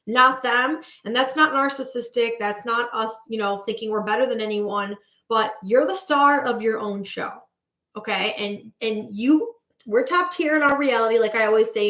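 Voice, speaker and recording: A woman's voice: on the high side, a bit bright, roomy sound. A woman manifestation coach in a breezy, chatty livestream talk, greeting viewers as she goes.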